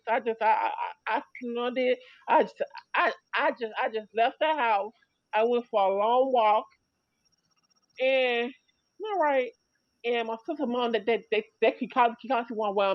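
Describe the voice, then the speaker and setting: A woman's voice: on the high side, dry recording. Rambling, repetitive woman telling a story. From Chicago area. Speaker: livestream host. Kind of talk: casual livestream chat. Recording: dry, muffled livestream audio.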